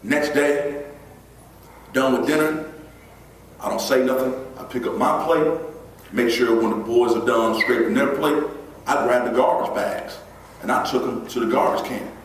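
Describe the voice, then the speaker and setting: A man giving a motivational keynote, telling a personal story in an animated way and acting out the voices in it. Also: medium pitch, normal speed, pauses often. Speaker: motivational speaker. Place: large event hall. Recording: echoey hall from far off, faint noise.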